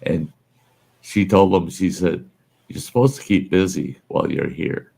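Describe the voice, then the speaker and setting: Deep gravelly man telling folksy stories. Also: a little slow, dark tone. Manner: folksy anecdote teller, laughs at his own stories. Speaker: podcast host. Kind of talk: casual storytelling chat.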